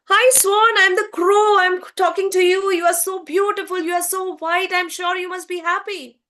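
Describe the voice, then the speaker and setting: A woman voicing an excited, admiring male crow in a told animal fable. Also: high voice, normal speed, voice pushed up. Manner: eager, gushing. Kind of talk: storytelling with voices.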